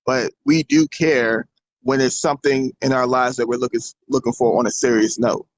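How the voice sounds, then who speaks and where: A man's voice: medium pitch, fairly even intonation, normal speed, no room sound, poor audio. A man hosting a casual opinion show, talking bluntly and emphatically, with some swearing. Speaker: show host.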